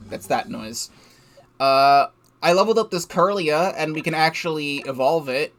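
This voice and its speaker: A man's voice: fairly high pitch, moderate pace, a bit bright, faint music behind. A young man giving casual, rambling game commentary from his desk, swearing freely and laughing at himself. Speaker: let's play gamer.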